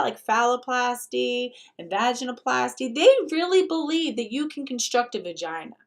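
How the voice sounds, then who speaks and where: A woman's voice: high voice, a bit bright. A woman hosting a talk show, reacting to a video clip in blunt, emphatic, profane commentary. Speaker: host.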